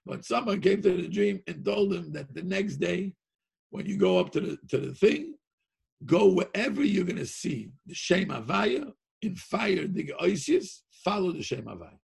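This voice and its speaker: A man telling a Hasidic tale in an animated, excited way, laughing often and shouting at the high points. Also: moderate pace, gravelly, breathy edge. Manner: sings a Yiddish-style tune. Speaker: storyteller.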